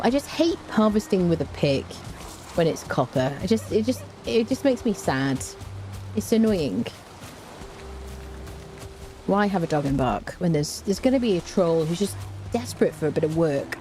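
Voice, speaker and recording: Over faint music, a woman plays a game on stream, speaking in a low, mellow, expressive voice that's unhurried and full of pauses. She greets chat viewers by name, chats casually, and hums little tunes as she goes.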